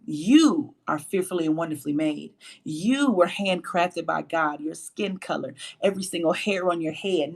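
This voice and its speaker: A woman with a low voice hosting a faith-based motivational livestream, emphatic and preachy, repeating phrases for emphasis. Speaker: host and motivational speaker.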